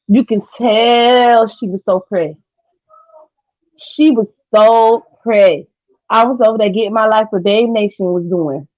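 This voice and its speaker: A young woman, chatting casually with viewers on a livestream in a sassy, trash-talking way with loud cackling laughs. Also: on the high side, no room sound. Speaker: livestream host. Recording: dull lo-fi stream audio.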